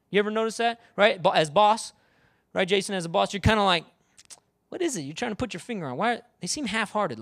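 High-voiced animated male pastor. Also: dry recording, clean studio sound. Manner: animated, calls out to the congregation. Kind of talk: sermon.

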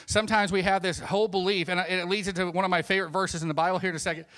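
Animated, higher-voiced man preaching. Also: rapid-fire, hardly any pauses. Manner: animated, swings between hushed and emphatic; acts out quoted voices. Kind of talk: sermon.

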